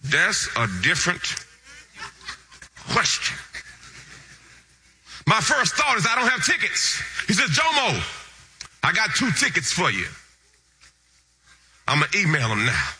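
A man preaching, telling a funny story with animated, lively delivery that jumps between low asides and excited high shouts. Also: unhurried, long pauses, husky. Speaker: pastor. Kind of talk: storytelling sermon.

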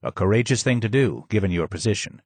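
Guy reading a kind old writer, soft and polite, dry close sound. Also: fairly low pitch, animated, quick pace, slightly rough, no echo.

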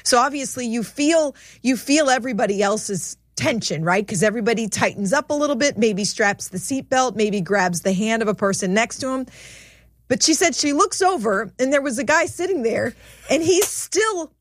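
A chatty woman co-hosting a faith talk show, with a fairly high voice and an easy storytelling manner. The recording is dry and close to the mic. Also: lively intonation, moderate pace, dry recording. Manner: chatty, laughs while telling stories. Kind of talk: casual conversational storytelling.

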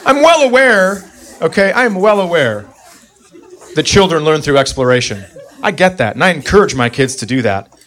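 A man's voice: fairly high pitch, moderate pace, some chatter behind. A man in his thirties doing a stand-up comedy set, telling exasperated stories about family life on stage. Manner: exasperated, animated storytelling with voiced quotes. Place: stage before a laughing audience. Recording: live club recording with clear ambient noise.

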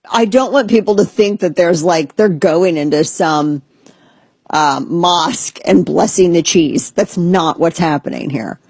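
A woman hosting a talk show, ranting sarcastically in casual commentary and mocking others in squeaky put-on voices. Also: a little mellow, slightly rough, no echo. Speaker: podcast host.

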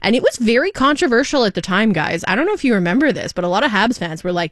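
A woman's voice: medium pitch, lively intonation, quick pace, hardly any pauses, dry recording, clean studio sound. A woman, co-hosting a morning radio show and telling chatty personal stories. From Montreal, Canada. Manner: chatty storyteller. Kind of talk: casual morning radio chat.

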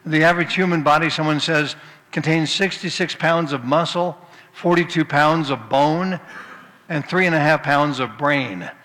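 A man with a slightly high, somewhat bright voice preaches a sermon, opening with folksy, humorous anecdotes before moving to scripture. His storytelling has occasional restarts, and the recording carries a long hall reverb.

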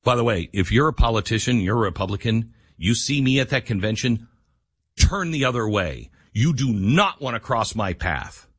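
Fired up radio guy, husky voice, big swings up and down, dry studio sound. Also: animated, normal speed, no room sound. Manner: heated, rising to near-yelling then dropping low. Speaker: radio talk show host. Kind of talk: impassioned political talk radio monologue.

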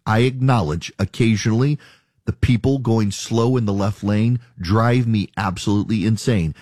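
A man's voice: fairly low pitch, normal speed, a little mellow, no echo. Emphatic opinionated man, dry studio sound. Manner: emphatic, argumentative, mocking callers' objections. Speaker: radio talk show host. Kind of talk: opinionated talk radio monologue.

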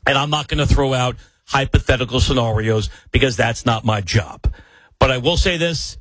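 A man's voice: fairly high pitch, fairly bright tone, no room sound, poor audio. A man filling in as a sports talk host, delivering an opinionated monologue with emphatic rants and rhetorical questions. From New York area.

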